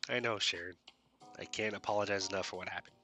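Man reading a polite young woman, bright-toned, hesitant and earnest, storybook reading. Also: sits low, fairly even intonation, fast talker, faint music behind. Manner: polite, says ma'am and sir, hesitant restarts.

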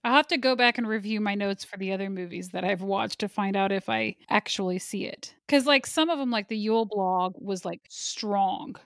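A woman's voice: mid-range voice, moderate pace, vocal fry, hardly any pauses, dry recording, studio quality. A woman co-hosting a casual movie chat, talkative and self-deprecating, laughing easily at herself. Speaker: podcast co-host.

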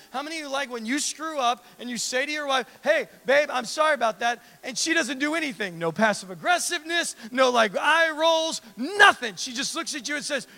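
High-voiced, animated man preaching a sermon. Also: vocal fry. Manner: animated preaching with acted-out dialogue, repeated direct questions to the congregation. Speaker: pastor.

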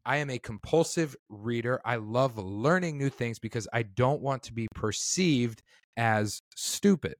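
On his casual Christian podcast, a male host talks about the Bible in a chatty, self-mocking way, wandering into asides as his vocal cords strain. His mid-range voice is animated but a little slow, recorded at studio quality with no echo.

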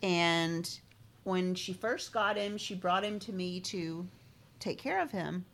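A woman in a casual podcast chat, telling a relaxed anecdote about dogs. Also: on the low side, slow pace. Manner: laid-back anecdote teller.

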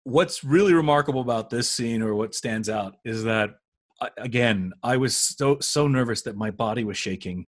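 Male podcast co-host, husky voice, dry recording, lively storyteller. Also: medium pitch, normal speed, no room sound. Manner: animated storyteller, acts out quoted lines. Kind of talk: casual chat.

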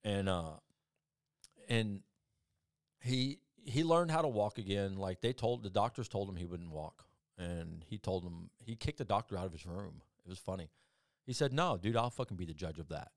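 With a deep voice, lively intonation, and a normal speed, a man tells casual, rambling stories as a podcast guest. He swears frequently, starts over mid-thought, and acts out quoted people with big changes in voice. The studio-quality recording has no room sound.

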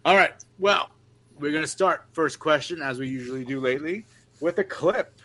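A man's voice: a little high, moderate pace, pushed and bright. A young man co-hosting a casual podcast and running a trivia segment, upbeat and rambling with restarts. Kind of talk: casual chat, quizmaster.

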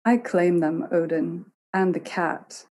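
A woman voicing a calm, wild-haired goddess who speaks with amused assurance. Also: on the low side, slow pace.

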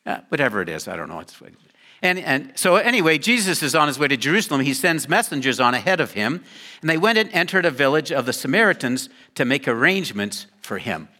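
Lively, bright-voiced older man preaching. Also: a little high, fast talker. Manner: lively, conversational, joking asides. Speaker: pastor. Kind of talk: sermon.

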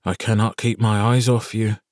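A man's voice: lowish voice, level tone, normal speed, darkish tone, dry recording, natural voice. Male reader as a charming, teasing Irish stranger in an audiobook, dry studio read.

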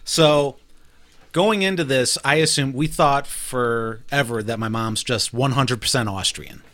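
A man's voice: medium pitch, measured pace, fairly bright tone. A man hosting a casual group chat, reading out figures and laughing often. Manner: chatty, reads numbers out, laughs often. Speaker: host.

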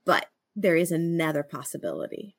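A woman's voice: low voice, sing-song, normal speed, creaky, no echo. A middle-aged woman co-hosting a podcast, talking earnestly in a reflective way with frequent restarts and stammers and easy laughter. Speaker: podcast co-host. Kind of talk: reflective conversational talk.

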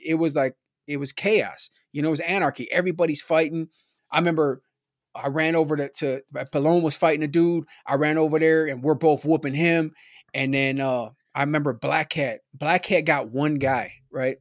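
A man's voice: a little high, no echo, studio quality. A man from Milwaukee telling a story in a loose, rambling way, filling his talk with "like" and "right?". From Milwaukee, USA. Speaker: podcast guest. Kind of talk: casual storytelling.

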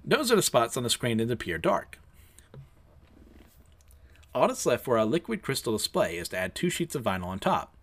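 A man's voice: mid-range voice, sing-song, normal speed, long pauses. A man with a lisp giving a chatty, casual recap of an anime episode, reading out the characters' lines and laughing at himself. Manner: chatty, self-deprecating, laughs between lines.

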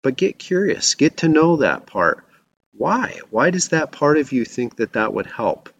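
A man's voice: mid-range voice, big pitch swings, unhurried, creaky, a bit bright, dull audio, a little hiss or hum. A man preaching a reflective sermon as a pastor.

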